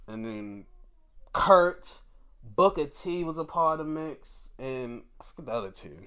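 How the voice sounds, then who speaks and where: Animated man recapping, lively swinging pitch. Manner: animated, reacts with quick exclamations; chatty, loose storytelling with restarts. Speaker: show host. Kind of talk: casual wrestling episode recap.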